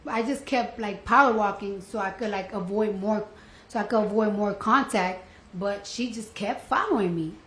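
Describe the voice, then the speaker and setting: A woman's voice: mid-range voice, moderate pace, fairly bright tone. A woman testifying in court, speaking bluntly and colloquially as she retells what happened. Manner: blunt, colloquial, retells events with quoted dialogue. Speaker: trial witness. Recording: echoey courtroom audio with faint noise.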